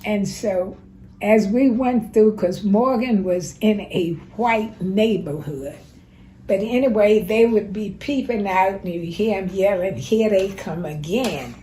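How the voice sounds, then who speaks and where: Slow-talking woman in her nineties. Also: medium pitch, mellow, a little hiss or hum, poor audio. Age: 90s. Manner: slow, plainspoken, unhurried storyteller. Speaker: interviewee sharing life advice. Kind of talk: casual spoken reminiscence.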